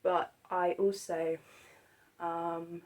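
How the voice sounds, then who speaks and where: A woman talking casually about old horror films, soft-spoken and hesitant, with many pauses and restarts. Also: lowish voice, little pitch movement, rough recording. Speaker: film vlogger.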